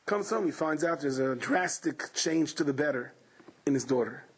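A man's voice: a little high, moderate pace, husky. A man, a rabbi giving a Torah lecture, who tells stories dramatically and acts out the people he quotes. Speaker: rabbi teaching a Torah class.

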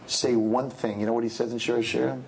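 A man giving a Jewish sermon and telling a parable, dramatic and swinging from low murmurs to high shouts. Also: flat delivery, quick pace, creaky, slight background noise. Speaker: Jewish speaker.

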